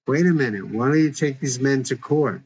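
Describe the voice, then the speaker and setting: A man's voice: medium pitch, normal speed, darkish tone, a little hiss or hum, voice pushed up, lightly acted. A man voicing an earnest, worried young woman eager to help, who speaks insistently, in a dull lo-fi recording.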